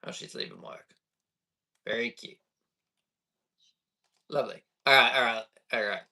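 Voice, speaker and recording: A man talking loosely on a live stream, his voice of middling pitch. He rambles, answers chat and laughs easily. He sits a little away from the mic, so the sound is thin and distant. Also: huge pitch swings, measured pace, vocal fry, bright, forceful tone. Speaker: livestreamer.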